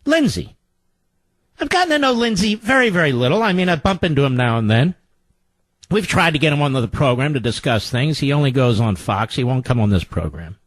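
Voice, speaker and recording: Captured in a dry recording, an older radio host sounds very animated and a little fast. He delivers a sarcastic political rant, swinging theatrically from loud, mocking jabs to low grumbles.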